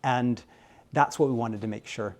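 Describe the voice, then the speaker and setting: A man with an American accent, a game localization director answering interview questions in a rambling, filler-heavy, animated way. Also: medium pitch, moderate pace. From United States.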